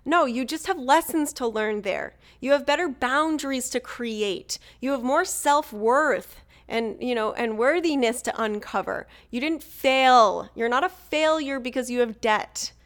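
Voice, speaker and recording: A woman's voice: sits high, a little slow, few pauses. A woman hosting a motivational solo podcast, talking casually, laughing easily and swearing now and then. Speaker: podcast host.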